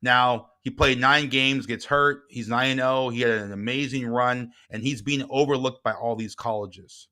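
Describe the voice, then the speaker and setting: A middle-aged man, a guest and author, telling a personal story in casual talk, swinging from quiet reflection to heated retelling. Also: mid-range voice, fairly even intonation, normal speed, few pauses.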